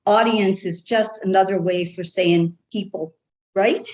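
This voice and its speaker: A woman's voice: medium pitch, fairly even intonation, a little slow, a little mellow, poor audio. Woman channeling with an Irish brogue. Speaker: trance channel. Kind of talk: trance channeling, speaking as a group of guides.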